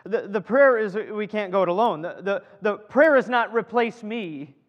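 A man preaching a sermon to a congregation in a lively, joking way, often repeating his words as he builds a point. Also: high-pitched, normal speed, dull audio. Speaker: pastor. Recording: long hall reverb.

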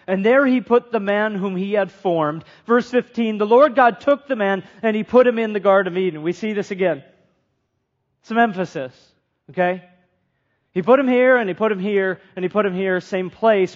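A man preaching a sermon in an earnest way, putting questions to the congregation and repeating phrases for emphasis. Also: high voice. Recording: dull lo-fi sound.

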